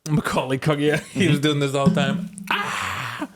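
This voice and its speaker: A man's voice: on the high side, level tone, fast talker. A man co-hosting a podcast in casual chat, laughing often and rambling with fillers. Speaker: podcast co-host.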